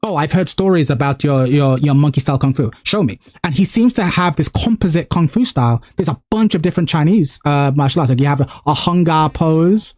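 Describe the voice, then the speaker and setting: A man talks a little fast with few pauses as he reacts casually to a game trailer on stream. He swears, sounds thrilled, and grows higher and louder with the hype.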